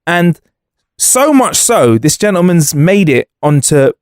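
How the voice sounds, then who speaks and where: A man co-hosting a podcast, bantering in a jokey, lively way. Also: fairly high pitch, slow, clear, resonant tone, no room sound, clean studio sound. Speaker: podcast co-host. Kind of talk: casual chat.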